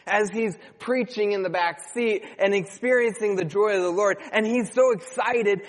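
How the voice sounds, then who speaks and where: Storytelling pastor in a reverberant hall. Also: male voice, high voice, moderate pace, hardly any pauses. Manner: storytelling, animated, chatty with restarts. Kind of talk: sermon.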